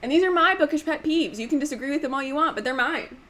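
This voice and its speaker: A woman hosting a casual book vlog, talking emphatically with lots of "like" fillers and sometimes showing off voices with sudden jumps in pitch. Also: fast talker, fairly bright tone. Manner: chatty, emphatic, frequent "like" fillers. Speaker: book channel host.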